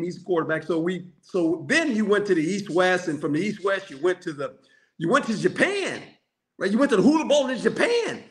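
A man's voice: high-pitched, a bit bright. An older man, a former football coach and player, telling anecdotes in a casual chat, acting out quotes and laughing often. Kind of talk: storytelling phone-in chat.

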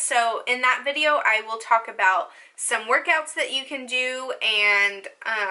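A woman's voice: on the high side, bright, forceful tone. A young woman with a country accent giving casual, rambling advice to her viewers as a lifestyle vlogger. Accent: Southern US country. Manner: rambling, upbeat, jumps between topics.

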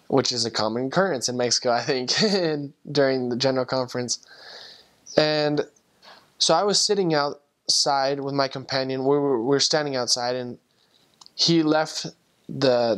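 A young man and returned missionary, telling a personal testimony story in an earnest, emotional way, with halting restarts. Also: mid-range voice, a bit bright.

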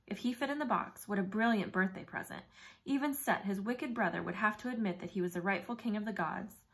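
A woman reading a novel aloud in first person, with brisk, vivid storytelling. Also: medium pitch, fairly bright tone. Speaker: audiobook narrator.

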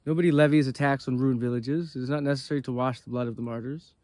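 A man voicing God as a divine male figure, reading his lines in a measured, solemn way. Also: medium pitch, steady tone, a little mellow, dry recording, natural voice.

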